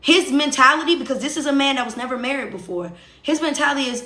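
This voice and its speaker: Young woman livestreamer, high bright voice, chatty and emphatic, echoey room sound. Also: fast talker. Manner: conversational, emphatic, repeats phrases, asks listeners for agreement. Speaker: livestream host. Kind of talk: casual storytelling to viewers.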